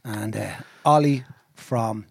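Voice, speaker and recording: An Irish man telling a lively story in casual chat, mimicking sounds and accents as he goes. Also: fairly low pitch, slow, creaky, husky.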